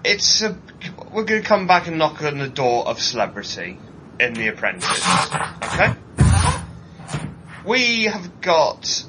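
Animated, bright-voiced man ranting. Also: slight background noise, low-quality recording. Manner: animated ranting, mocking mimicry in high voices. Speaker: podcast co-host. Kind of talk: casual chat.

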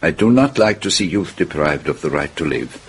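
An actor playing a fussy, courteous foreign detective who speaks in a measured, formal way with a French accent. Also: male voice, extremely low pitch, animated, a little hiss or hum. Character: fussy foreign male detective, polite and precise. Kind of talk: radio drama acting.

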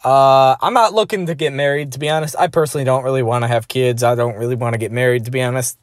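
A man's voice: mid-range voice, steady tone, quick pace, no room sound, studio quality. A man vlogging in a rambling, crude and profane way, padding his talk with filler phrases. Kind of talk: rambling personal monologue.

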